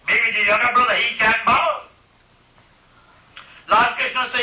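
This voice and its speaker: A man preaching a sermon, retelling a story in an animated way to his congregation. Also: very high voice, measured pace. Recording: echoey hall, distant dull mic.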